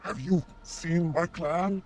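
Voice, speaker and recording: An actress voicing a cursed female elf who is turning into a werewolf, pleading through pain in a strained, gravelly voice. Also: fairly low pitch, fairly even intonation, slow, darkish tone, slight background noise. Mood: anguished pleading. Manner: pleading, anguished.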